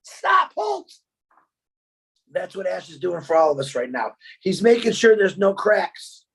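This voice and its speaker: A man's voice: sits high, expressive, normal speed, vocal fry, husky, poor audio. A man giving a fervent motivational webinar speech, repeating himself and often raising his voice. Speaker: webinar presenter.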